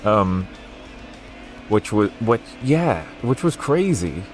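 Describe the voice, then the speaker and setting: A man with a softened Welsh accent, chatting casually and rambling while he streams a racing game. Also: fairly low pitch, sing-song, takes it slowly, faint music behind. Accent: Welsh, Newport area, softened toward English. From Wales. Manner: rambling and chatty, with frequent fillers and restarts.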